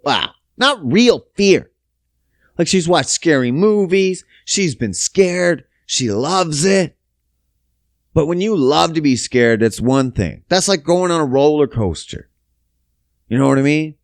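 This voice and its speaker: Man, podcast host, casual storytelling, lively swooping pitch, dry close sound, lots of swearing. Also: takes it slowly, no room sound. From Canada. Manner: profane, emphatic, big pitch swings.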